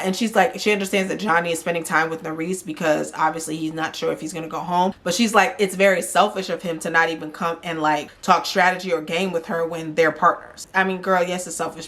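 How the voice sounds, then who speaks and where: A woman with a fairly low voice recaps a reality show in a loose, chatty way. She is blunt with her opinions and keeps acting out the cast members' lines in animated quoted voices. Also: a little fast, hardly any pauses. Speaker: recap vlogger. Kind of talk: casual chat.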